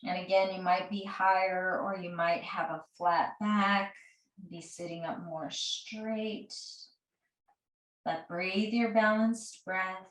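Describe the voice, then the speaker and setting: A woman teaching a guided restorative yoga class, giving gentle, soothing cues and counting breaths slowly. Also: medium pitch, fairly even intonation, far from the mic. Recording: roomy echo, voice a bit off-mic.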